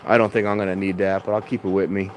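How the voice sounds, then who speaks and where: He speaks fast in a low voice with little movement in pitch. Standing at a gusty outdoor train station, he chats aimlessly for his vlog, backtracking to correct himself and sometimes speaking louder, recorded on a clip-on mic connected to the phone in his hand.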